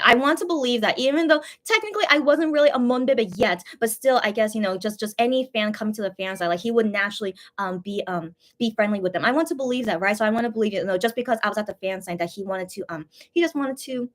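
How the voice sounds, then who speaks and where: Bubbly, fast-talking woman. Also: fairly high pitch. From USA. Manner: gushing, excitable, many fillers and restarts. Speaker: channel host. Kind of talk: casual fan storytelling livestream.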